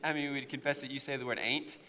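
A pastor with a faint East Tennessee accent preaching a sermon, swinging into loud, impassioned stretches when he stresses a point. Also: medium pitch, flat delivery, rapid-fire, clean tone. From United States. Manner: impassioned preaching, rising to near-shouts at emotional peaks. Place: church sanctuary. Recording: long hall reverb.

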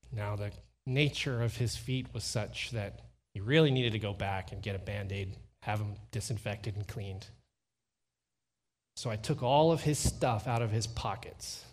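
A middle-aged man preaching a sermon, telling a family story with lively quoted dialogue and slowing down to stress key lines. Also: mid-range voice. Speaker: pastor.

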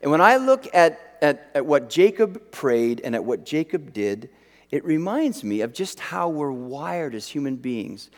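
A middle-aged man delivers a sermon, his voice pitched high for a man and swinging widely as he acts out the people in his stories. He restarts his sentences often, in a casual storytelling way. The sound carries a long reverb, as if from a large hall. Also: a little slow. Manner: animated storyteller, acts out quotes, frequent restarts. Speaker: pastor.

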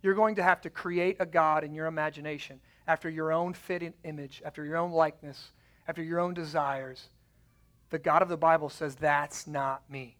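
Pastor guy preaching, emphatic, gets loud then drops way down. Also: fairly even intonation, fairly quick. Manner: emphatic preaching, rising loud on key points and dropping low. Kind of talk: sermon.

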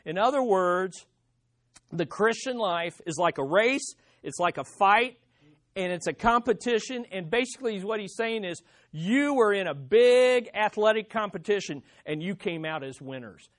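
A pastor preaching an expository sermon, stressing points by swinging between loud and hushed delivery and asking the listeners rhetorical questions. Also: mid-range voice, expressive, moderate pace.

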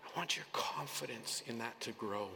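A male pastor preaching an earnest, emphatic sermon in a church, sometimes dropping to a soft near-whisper. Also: medium pitch, moderate pace, vocal fry, very noisy. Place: church sanctuary. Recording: long hall reverb, faint room ambience.

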